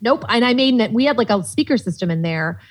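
Husky woman telling work stories. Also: on the high side, fast. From Boston, USA. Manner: animated, swears freely, many "like" fillers. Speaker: podcast guest. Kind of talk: casual storytelling chat.

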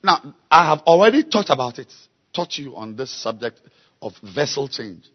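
A man preaching a sermon, slow and emphatic, repeating key words and building to loud exhortation. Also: medium pitch, sing-song, dull audio. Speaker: pastor.

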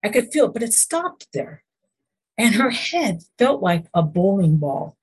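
A woman's medium-pitched voice, darkish and breathy, moves a little slowly with big swings in pitch. Interviewed on a podcast as an emotion code practitioner, she offers earnest faith-based stories, speaks of God and the Lord, and often restarts or asks rhetorical questions.

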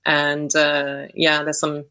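A woman's voice: deep voice, completely flat delivery, takes it slowly, pushed and bright, low-quality recording. A woman guest on a podcast, talking reflectively and hesitantly, thinking aloud with many restarts. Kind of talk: reflective conversational interview.

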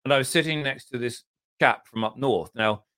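A middle-aged man from southern England with an English accent, a podcast guest telling long, self-deprecating anecdotes in casual conversation and often clearing his throat. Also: mid-range voice, moderate pace, pushed and bright, no room sound, studio quality. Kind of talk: casual interview storytelling.

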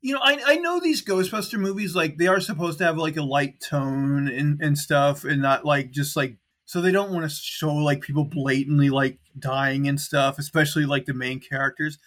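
A man's voice: fairly high pitch, moderate pace, hardly any pauses, fairly bright tone. A man co-hosting a casual chat, recapping a film in a rambling way with many fillers. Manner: rambling, lots of "like" and "um" fillers, laughs easily. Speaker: podcast co-host recapping a film.

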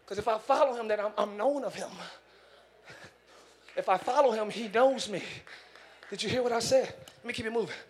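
A man pastor preaching a sermon in church, animated, acting out voices and shouting for emphasis. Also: high voice, a little fast, long pauses, slight background noise. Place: church sanctuary.

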